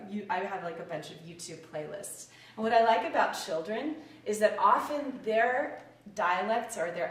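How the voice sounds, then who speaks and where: A woman coach gives a lively talk to a group, acting out speech sounds as she explains them. Her voice sits mid-range and comes from across an echoey room, with faint background hum. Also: medium pitch, far from the mic. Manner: animated, demonstrates sounds aloud. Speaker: acting professor and dialect coach. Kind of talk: lecture talk. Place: lecture room, indoors. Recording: echoey room, picked up from afar.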